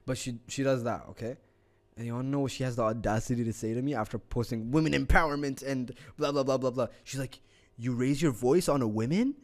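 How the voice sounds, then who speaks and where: A young man co-hosting a podcast, telling a story in casual chat, animated, swearing a lot and laughing often. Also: mid-range voice, fast talker. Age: young adult. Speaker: podcast co-host.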